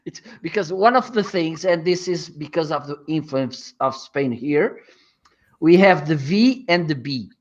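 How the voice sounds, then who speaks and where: A man from northern Portugal speaks English with his Portuguese accent. He explains at an easy pace and pauses on frequent fillers. The sound is dull and lo-fi. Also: on the high side, animated. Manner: hesitant, explaining with many fillers. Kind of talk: casual chat.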